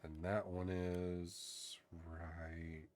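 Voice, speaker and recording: A man from northern Texas with a soft Southern Texan accent, chatting in a relaxed, soft-spoken way with a gentle lilt while streaming a game. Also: sits low, extremely slow, faint music behind. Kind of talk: relaxed casual chat while gaming.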